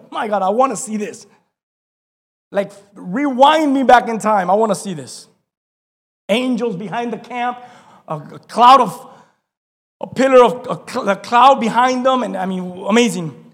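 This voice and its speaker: A man preaching a sermon, reading scripture and acting out its voices with lively shouts and laughter. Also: extremely high pitch. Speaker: pastor. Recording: long hall reverb.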